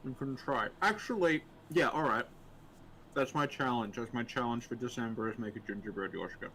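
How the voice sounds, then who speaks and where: A man's voice: medium pitch, normal speed, a bit bright, slight background noise. A man co-hosting a casual live-stream Q&A, rambling and hesitant with dry humor, greeting viewers as he goes. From Australia.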